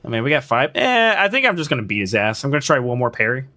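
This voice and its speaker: Young male streamer, bright and animated, casual reactive gameplay commentary. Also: medium pitch, fast talker. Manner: reactive, swearing, talks to himself and chat.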